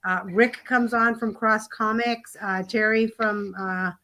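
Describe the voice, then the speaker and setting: A woman's voice: on the high side, steady tone, slow pace, pushed and bright. A woman who hosts a stream, chatting in a teasing, easygoing way on a video call. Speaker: stream hostess. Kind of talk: casual chat.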